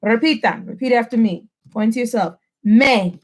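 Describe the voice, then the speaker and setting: A woman teaching a Spanish lesson from home, drilling phrases slowly for the listener to repeat and mixing English and Spanish mid-sentence. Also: fairly high pitch. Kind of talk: home-recorded language lesson.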